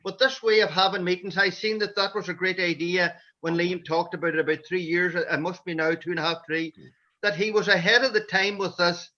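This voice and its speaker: High bright Donegal man telling stories. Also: steady tone, a little fast. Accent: Donegal Irish. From Ireland. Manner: rambling anecdotal storytelling. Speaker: men's shed member. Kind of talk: storytelling on a video call. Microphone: video call. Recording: dull lo-fi video call audio.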